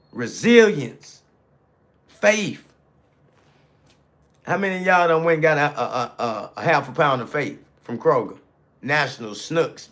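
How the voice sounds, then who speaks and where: A man's voice: on the high side, fairly bright tone. A man telling a personal story on a live stream, calling out to his viewers and repeating lines to drive them home. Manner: repetitive, building emphasis. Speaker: landscaping business owner.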